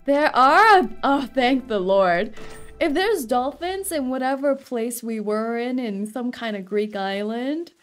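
A woman streams a game and chats playfully, giggling between her thoughts. Her voice sits high, and she talks at an easy, slow pace. The talk rambles from joke to joke. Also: lively intonation, faint music behind. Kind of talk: casual live-stream chat.

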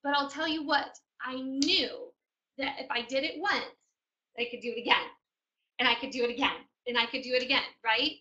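Brief: woman in her 40s, mentor, high and bright, storytelling training talk, dull lo-fi recording. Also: fairly quick. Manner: chatty storyteller, addresses audience directly. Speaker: business mentor.

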